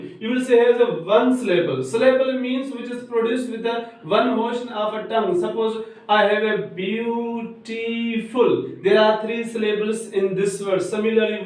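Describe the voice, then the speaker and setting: A male teacher gives a grammar lecture slowly, repeating each point as he goes. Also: sits high. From Pakistan. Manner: slow, repetitive, restates each point. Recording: very echoey room, voice far from mic.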